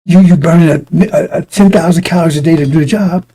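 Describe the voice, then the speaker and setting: A man's voice: on the high side, fairly even intonation, fast, creaky, mellow, breathy edge, rough recording. A middle-aged man preaching informally to his congregation, blunt and profane, rambling through personal stories with many restarts.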